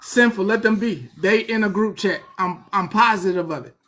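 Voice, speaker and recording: A man hosting a livestream, talking in an animated, profane, preachy rant. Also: high voice, moderate pace. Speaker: livestream host.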